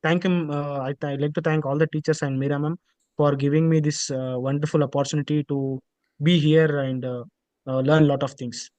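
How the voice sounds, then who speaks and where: A man's voice: fairly high pitch, fairly even intonation, a little fast, a little mellow, no echo, poor audio. A young man gives an earnest, unscripted student testimonial over a video call. He halts often with fillers and restarts. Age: young adult.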